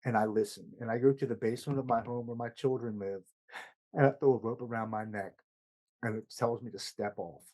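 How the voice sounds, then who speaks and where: A man's voice: mid-range voice, steady tone, fairly quick, a little mellow, poor audio. A man, a podcast guest, recounting his recovery story in an earnest, emotional way, stammering over words at times.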